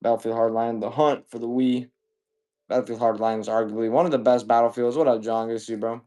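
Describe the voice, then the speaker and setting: His voice is mid-range and dark, with fairly even intonation, as he runs a video game sales stream. The chat is loose and full of cursing, and he fires off greetings to viewer after viewer.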